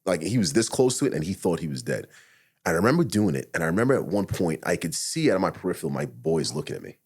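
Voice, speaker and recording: A man who is a retired police officer, telling a personal story as a podcast guest in a blunt, profane, animated way, acting out what he thought and said. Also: deep voice, fast talker, slightly rough. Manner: blunt, profane, animated retelling with acted-out inner quotes. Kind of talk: casual storytelling interview.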